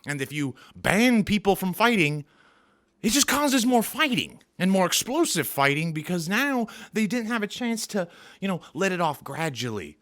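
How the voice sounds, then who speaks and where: A man's voice: high-pitched, very animated, moderate pace, fairly bright tone. A man doing an angry, profane, sarcastic comedy rant as a vlogger.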